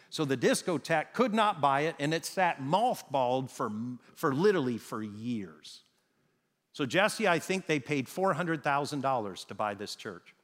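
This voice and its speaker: Man preaching, kinda high voice, swings up and down a lot, big echoey church hall. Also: fairly bright tone. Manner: storytelling, emphatic with dramatic pauses. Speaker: pastor. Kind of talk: sermon. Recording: reverberant hall sound.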